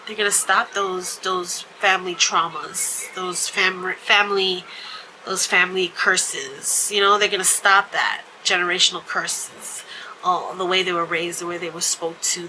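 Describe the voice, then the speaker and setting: Woman, vlog host, very bright sharp voice, chatty storyteller, everyday casual talk. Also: fairly low pitch, a little hiss or hum, rough recording. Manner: chatty storytelling with frequent fillers and laughs.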